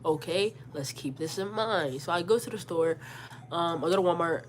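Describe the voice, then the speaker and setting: A woman in her forties with a lowish, congested voice tells a storytime vlog at a moderate pace over slight background noise. She animatedly retells an argument, quoting both herself and her mother and repeating words.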